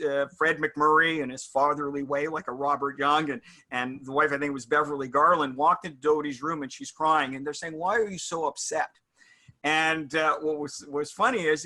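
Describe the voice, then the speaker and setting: A middle-aged man, a guest in a casual interview, speaks with a very bright, forceful tone, a little higher than most men. He's a reflective storyteller, drifting through anecdotes and halting and restarting along the way.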